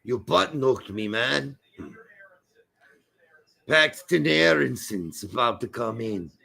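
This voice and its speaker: A man co-hosting a live soccer watch-along stream, talking casually with lots of swearing and bursts of shouting. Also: medium pitch, slow, creaky, slightly rough. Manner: excitable, profane, bursts into shouting over goals.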